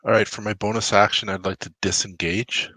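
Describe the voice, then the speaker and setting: Deep, bright-toned man unsure of rules. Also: little pitch movement, fairly quick, breathy edge, no echo. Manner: asks about rules, unsure. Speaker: player. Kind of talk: tabletop game play.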